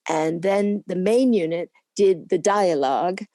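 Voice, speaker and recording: An older woman, a former camera assistant, chatting as an interview guest and telling lively stories with frequent laughs. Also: fairly low pitch, measured pace, dry recording, clean studio sound. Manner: lively anecdotal storytelling with laughs; acts out quoted people in put-on voices. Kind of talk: casual interview reminiscing.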